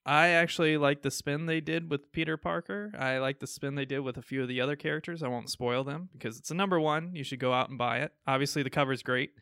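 A man's voice: mid-range voice, a bit bright, smooth, no room sound, studio quality. A man with a Midwestern American accent co-hosting a casual chat about comic books. He talks enthusiastically, with frequent fillers and laughs. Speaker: podcast co-host.

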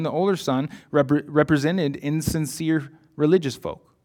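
A man preaching a sermon in an earnest, reflective way, reading his own poem aloud. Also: fairly high pitch.

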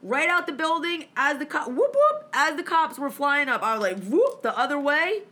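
A woman's voice: high voice, normal speed. A woman telling a story in casual chat, swearing freely and acting out both sides of the conversations. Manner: profane, animated, acts out dialogue.

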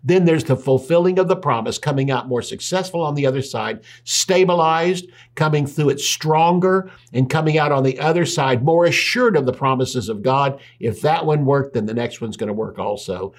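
A man's voice: medium pitch, normal speed, few pauses. A man preaching a sermon, making his points with rhetorical questions and repetition and reading scripture aloud in between.

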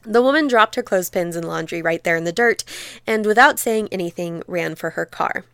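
Female teacher reading a memoir aloud. Smooth, clear voice, dry close sound, measured and expressive delivery. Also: fairly low pitch, no room sound.

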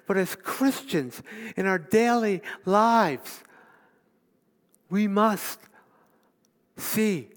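A man in his fifties preaching a sermon as pastor, animated, swinging between loud emphatic lines and hushed asides. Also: high-pitched.

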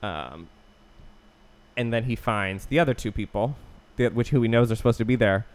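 A man's voice: lowish voice, normal speed. A man co-hosting a podcast, casually recapping a film plot in a loose, profane way with many restarts. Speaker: podcast co-host.

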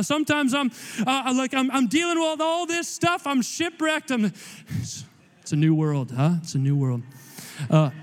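A man's voice: very high voice, fairly bright tone. A man preaching a sermon in an emphatic, rambling way, with joking asides and repeated words. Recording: long hall reverb.

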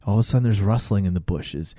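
Um homem numa conversa casual, recontando um filme com energia, xingando bastante e imitando as falas dos personagens. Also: male voice, on the low side, fast talker, no room sound, studio quality. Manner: animated retelling, swears a lot, acts out lines. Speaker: podcast co-host. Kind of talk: casual movie recap chat.

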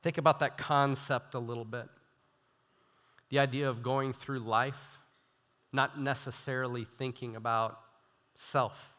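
Young man, preacher, sermon, animated, self-deprecating, long hall reverb. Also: mid-range voice, a little slow, pauses often. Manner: animated, self-deprecating, reads quotes with emphasis. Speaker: student minister. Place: church hall.

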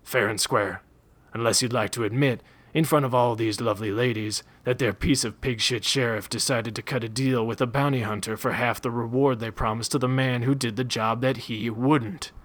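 A man voicing a calm, growling bounty hunter. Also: mid-range voice, normal speed, lightly acted. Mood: cold calm. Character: gruff low-voiced male bounty hunter, calm.

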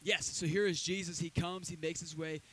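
A man preaching a sermon as a pastor in a church, talking in a loose, conversational way with lively asides. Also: fairly high pitch, moderate pace, rough recording. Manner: conversational, energetic preaching with asides and acted quotes.

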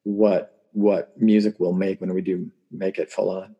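A man's voice: deep voice, little pitch movement, unhurried, husky, muffled recording. A man in his forties, a musician guest telling family stories in casual interview chat, laughing often and acting out quotes.

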